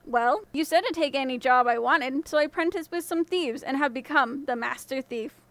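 A woman's voice: sits high, moderate pace, fairly bright tone, no echo. A woman voicing a clever, cocky young male thief in a storybook reading, smug and unconcerned.

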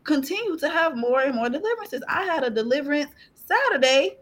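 A woman guest on a podcast, joining by video call, sharing an emotional faith testimony in animated, colloquial speech, laughing through tears. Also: sits high, brisk.

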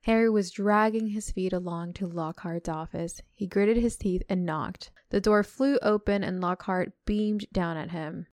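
A woman retells a book on a casual podcast. She mixes read-out passages with quick asides to her co-hosts. Her voice sits mid-range and close to the mic in a dry, deadened space. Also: medium pitch, fairly even intonation, a little mellow, no echo. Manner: summarizes and reads aloud, breaks off to chat and laugh.

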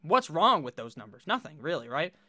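A man gives fast, blunt fantasy football commentary, reeling off statistics and swearing casually. His voice sits a bit high and sounds bright and forceful. The recording is dry and close, with no room echo. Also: sing-song.

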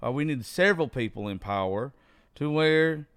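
A man's voice: mid-range voice, animated, normal speed, a bit bright, clean tone, dry recording, studio quality. A man hosting a casual political talk show, rambling loosely with hesitations, then speaking with more fire.

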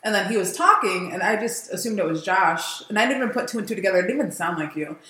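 Animated woman telling a story, echoey room. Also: medium pitch, quick pace. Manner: blunt, animated storyteller, laughs often. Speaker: podcast co-host. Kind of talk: casual chat.

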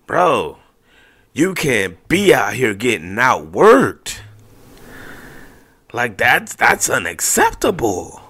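Bright-voiced male sports podcast host. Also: medium pitch, very slow, long pauses. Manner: animated, conversational, lots of fillers. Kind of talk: casual solo sports podcast.

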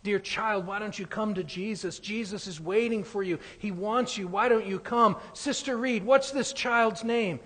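A man's voice: high voice, moderate pace, few pauses, fairly bright tone, breathy edge, pitched above the performer's own voice. A man voicing an old-time revival preacher who keeps imploring a child to come forward. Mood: pleading. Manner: imploring, repetitive appeals. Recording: long hall reverb.

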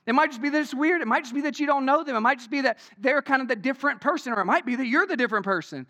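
A man's voice: very high voice, racing, sharp tone. A man preaching a sermon in a conversational way, with many rhetorical questions, frequent "right?" tags and "y'all". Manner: says "y'all".

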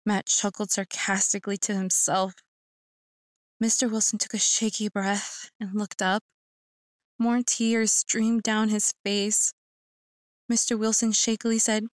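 A woman's voice: mid-range voice, flat delivery, measured pace, no echo. A woman narrating a first-person horror story in a tense, earnest manner.

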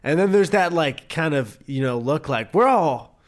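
A man's voice: on the high side, expressive, normal speed. A man co-hosting a casual podcast, cracking dry jokes and laughing often. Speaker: podcast co-host.

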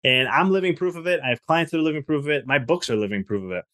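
A man talking as a podcast guest, an author telling animated stories with lots of restarts. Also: a little high. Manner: fast, animated storytelling with frequent restarts. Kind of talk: casual podcast conversation.

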